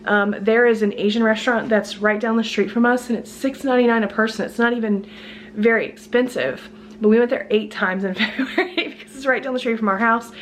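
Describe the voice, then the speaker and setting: A woman's voice: on the high side, fairly quick, a little hiss or hum. A woman with a congested voice, chatty and laughing often, filming a casual grocery haul vlog at home. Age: adult student with a job. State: sick, congested voice. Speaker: vlogger. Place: at home, kitchen.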